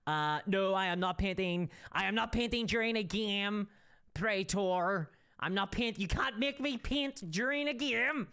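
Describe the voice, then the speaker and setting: A woman's voice: medium pitch, a little slow, fairly bright tone, smooth. A woman streamer in casual livestream commentary, reading chat and ranting with opinionated energy and frequent restarts.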